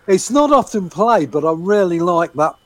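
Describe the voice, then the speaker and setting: A man's voice: high-pitched, lively intonation, dry recording. A man co-hosts a music radio show in a slightly raised voice. He chimes in eagerly, agreeing and enthusing about favourite tracks. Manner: enthusiastic, quick to agree, laughs along. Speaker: radio co-host. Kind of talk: chatty music radio talk.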